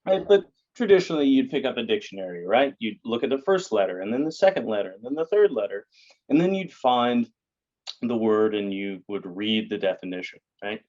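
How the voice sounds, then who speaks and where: A man's voice: mid-range voice, expressive, fairly quick, a little mellow, dull audio. A man, a guest in an interview, explaining things in a lecturing way with many fillers and tag questions. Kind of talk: explanatory conversation.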